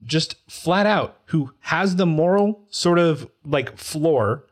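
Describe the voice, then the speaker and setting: A man's voice: a little high, lively intonation, takes it slowly. A man in his forties in casual conversation, telling a personal story with feeling and acting out quoted voices. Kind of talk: casual chat about a TV show.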